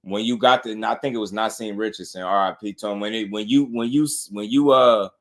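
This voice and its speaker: A man's voice: on the low side, a little fast. Laid-back man breaking down boxing. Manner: laid-back, repeats "you know what I mean". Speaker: boxing show host. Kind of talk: casual commentary on clips.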